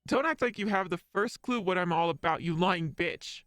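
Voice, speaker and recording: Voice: medium pitch, moderate pace, fairly bright tone, no echo, studio quality, lightly acted. A streamer voicing a brash, distrustful young man who swears a lot while reading game dialogue aloud. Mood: scornful. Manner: swearing, scornful.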